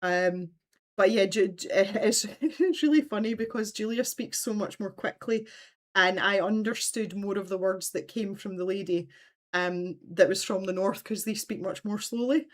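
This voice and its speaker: A woman's voice: medium pitch, moderate pace. A woman hosting a casual craft livestream, telling long, rambling stories and reading out viewer comments. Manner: rambling, chatty storytelling, reads out viewer comments.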